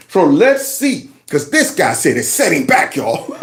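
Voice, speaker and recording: A man with a high, very lively voice mocks the news clips he reacts to, swinging his pitch all over as he jeers and talks back. His sarcastic commentary rings in a roomy, echoing space. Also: a little slow. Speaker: commentary channel host. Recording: roomy echo.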